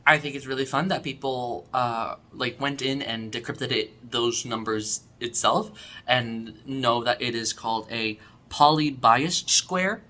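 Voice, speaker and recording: A man's voice: medium pitch, a little slow, bright, forceful tone. A man casually reviewing episodes of a podcast, enthusiastic and rambling, full of fillers and restarts.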